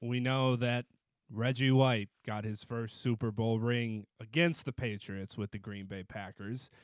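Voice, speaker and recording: A man's voice: medium pitch, steady tone, unhurried, no room sound. Radio host man, dry studio sound. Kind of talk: radio interview.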